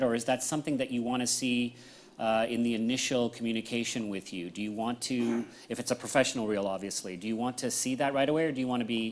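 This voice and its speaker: A man moderating a panel who asks questions politely and somewhat hesitantly. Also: mid-range voice.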